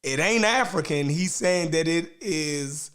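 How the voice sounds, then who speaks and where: A man hosting a casual discussion who speaks slowly, with many pauses, "um"s and "right"s. His voice sits a bit high for a man. He picks his words as he goes. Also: a bit bright. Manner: slow, hesitant, lots of um and right.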